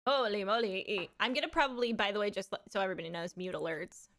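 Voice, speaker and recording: A woman live streamer chatting casually with crude, excitable, giggly banter. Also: medium pitch, quick pace.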